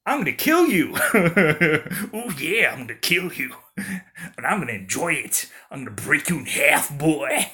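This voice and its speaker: A man putting on an over-the-top impression of a raspy, menacing male wrestler. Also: on the high side, very animated, measured pace, sharp tone, exaggerated voice. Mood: hammy menace.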